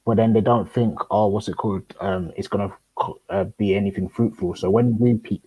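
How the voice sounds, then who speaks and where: A young man talks in a husky, slightly rough voice, relaxed and joking as he chats online. The sound is dry and close, with no room around it. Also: on the low side, no echo, muffled recording. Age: young adult. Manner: laid-back, jokey, trailing pauses. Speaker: panelist. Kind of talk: casual online group chat.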